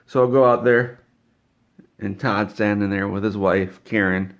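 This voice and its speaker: A man tells an absurd comedic story, rambling and repeating himself as he stammers. His voice is low and gravelly, and the recording is dull and lo-fi. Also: steady tone, a little slow.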